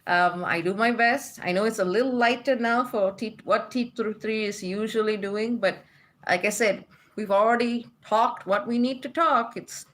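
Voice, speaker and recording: A woman's voice: a little high, normal speed, a bit bright. A woman from Malaysia hosting a spiritual livestream in a casual, chatty way, reading out viewer comments and laughing often.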